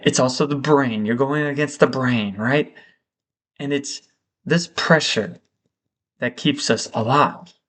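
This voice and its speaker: A man thinking aloud in a reflective vlog monologue, slow and halting, with frequent pauses. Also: mid-range voice, a bit bright, slightly rough. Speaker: vlogger.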